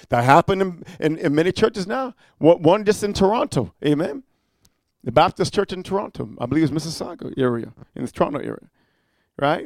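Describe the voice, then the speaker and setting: A man's voice: high-pitched, no room sound, clean studio sound. A man preaching a sermon, emphatic and rhetorical, prodding listeners with repeated "amen?" and "huh?".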